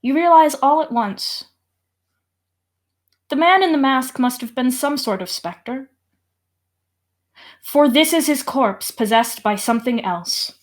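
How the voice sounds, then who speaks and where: A woman's voice: high-pitched, measured pace, long pauses. A woman narrating a horror tabletop game as game master, swearing and laughing often.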